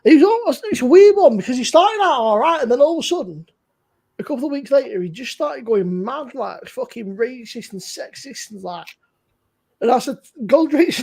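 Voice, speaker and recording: A man on a beer-review stream tells stories in loose, casual chat. His voice is gravelly and husky. He swears freely and breaks into laughs. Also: very high voice, animated, normal speed, darkish tone.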